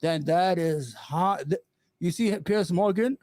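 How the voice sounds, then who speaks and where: A man hosting an opinionated live commentary stream, impassioned and sarcastic, often halting on fillers and restarts. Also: sits high, a little mellow, dry recording. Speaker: livestream host.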